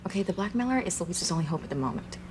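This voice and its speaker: A flustered, anxious young woman, played by an actress, pleading with a pitch that jumps around a lot. There is a faint noise behind her voice. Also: expressive, racing, natural voice.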